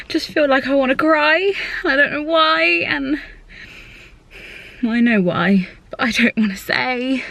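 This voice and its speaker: A young woman vlogging to a handheld camera, crying and talking in halting, broken phrases. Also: fairly high pitch, a bit bright, dry recording. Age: young adult. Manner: halting, tearful, trailing off. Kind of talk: confessional vlog talk.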